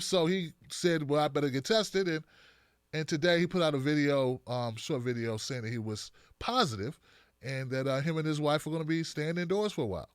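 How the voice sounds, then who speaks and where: A man hosting a political commentary show, talking in a blunt, animated, joking way with frequent restarts. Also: fairly high pitch, clear, resonant tone, dry recording, clean studio sound.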